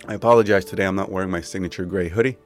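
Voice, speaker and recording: A man's voice: low-pitched, fairly even intonation, rapid-fire, soft background music. A man in his thirties hosting a solo podcast, speaking in a reflective, conversational way with frequent asides. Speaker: podcast host.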